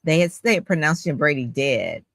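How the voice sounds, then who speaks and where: Bright, chatty woman interview host. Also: low voice, brisk, creaky, no room sound. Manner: chatty, animated, asks rambling questions. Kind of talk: interview conversation.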